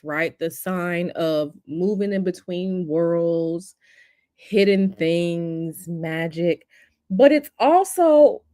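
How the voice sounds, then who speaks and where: A chatty woman hosts a casual astrology livestream and keeps turning to talk with her chat. Her voice sits at a medium pitch. The sound is close and dry. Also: a little mellow, no room sound. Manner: chatty, talks straight to the live chat. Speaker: astrology and tarot livestream host.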